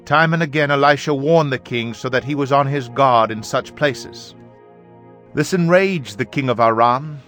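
A man reading scripture aloud in a measured, even voice. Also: medium pitch. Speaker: Bible reader. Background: faint background music.

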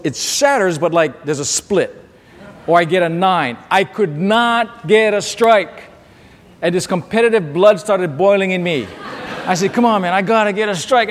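Middle-aged male pastor, high voice, lively story-driven sermon delivery in a reverberant hall. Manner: animated storytelling, acts out shouting at the screen.

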